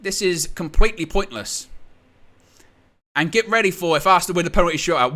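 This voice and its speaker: High, bright-voiced gloating fan host. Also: male voice, fairly quick. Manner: gloating, teasing, animated. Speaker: host of a live fan match watchalong. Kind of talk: live stream commentary.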